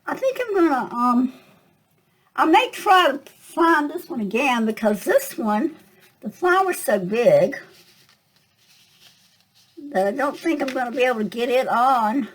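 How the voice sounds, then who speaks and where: An older woman walks through a craft project at a relaxed, chatty pace. She thinks aloud with plenty of ums and small asides, and a slight cough sits in her voice. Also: high voice, a little slow, pauses often, rough recording. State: coughing at times. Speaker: craft tutorial host. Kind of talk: casual craft tutorial.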